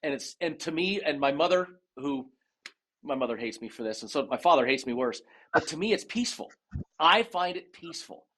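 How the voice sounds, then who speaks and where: A man telling stories as a podcast guest in a casual, animated way, acting out dialogue and often restarting his sentences. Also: on the high side, fairly quick, slightly rough. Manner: animated storyteller who acts out dialogue, with frequent restarts. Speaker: guest, retired race car driver and dive master. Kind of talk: casual storytelling interview.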